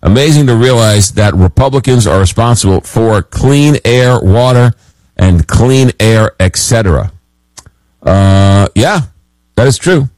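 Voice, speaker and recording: A man hosting a late-night call-in radio show, reading listener messages and talking with callers, often halting on fillers. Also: lowish voice, animated, darkish tone, dry recording, low-quality recording.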